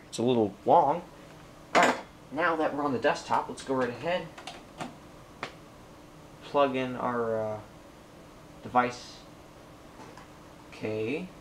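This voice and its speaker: A young man with a mid-range voice gives casual unboxing commentary at home as a tech vlogger. He rambles, addresses himself and the computer, and gets frustrated while it loads, with a little hiss or hum in the recording.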